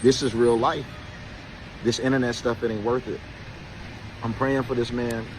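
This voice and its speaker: A man recording an emotional video message, shaken and halting, repeating himself and close to tears. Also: medium pitch, flat delivery, background noise. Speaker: social media creator.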